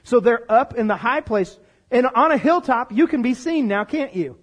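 A male pastor with a strikingly high voice delivers a lively sermon. He jokes with the congregation and asks them to answer back. He sounds middle-aged. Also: normal speed, slightly rough.

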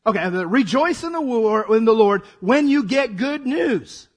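A man preaching a sermon as pastor, his voice hoarse and raspy, acting out dramatic asides. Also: extremely high pitch, expressive, measured pace.

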